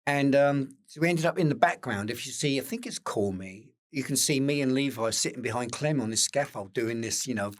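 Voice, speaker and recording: An older man with an Essex accent, telling lively anecdotes as an interview guest and acting out the quotes. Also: medium pitch, brisk, hardly any pauses. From England. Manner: animated anecdotes with acted-out quotes, occasional swearing. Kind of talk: casual storytelling interview.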